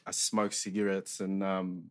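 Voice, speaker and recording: Low-voiced Australian man, rambling and profane. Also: monotone, unhurried. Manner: rambling, profane, heavy use of filler words. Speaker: guest sharing life story. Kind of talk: casual chat.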